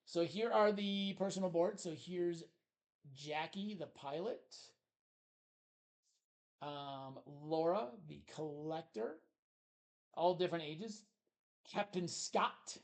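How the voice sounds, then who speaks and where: A man's voice: high-pitched, takes it slowly, pauses often. A man co-hosting a casual board game review, talking with enthusiasm and many fillers as he shows the components.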